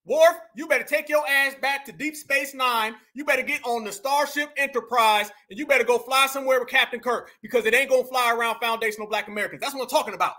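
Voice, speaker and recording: A man hosting a reaction commentary show, loud and mocking, often repeating catchphrases and addressing his viewers as "y'all.". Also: very high-pitched, fast, hardly any pauses.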